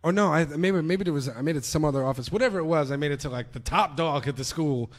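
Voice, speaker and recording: A young man from New York telling a story on a podcast, with a fairly high voice. He swears freely and gets animated, acting out the people in it as he goes. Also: fast talker. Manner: animated, profane, acts out voices. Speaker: podcast guest. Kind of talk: casual storytelling.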